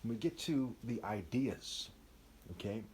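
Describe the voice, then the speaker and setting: A man's voice: fairly low pitch, animated, unhurried, darkish tone, slight background noise. A man giving a rambling, emphatic unscripted monologue, often tossing in "right?" asides.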